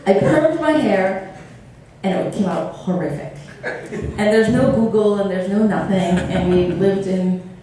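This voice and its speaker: A woman from Rhode Island, a panel guest, telling a funny story quickly and with self-deprecating laughs. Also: mid-range voice, steady tone, dark tone. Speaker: panel guest, former toy company worker. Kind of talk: casual anecdote telling. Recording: distant, echoey, with background noise.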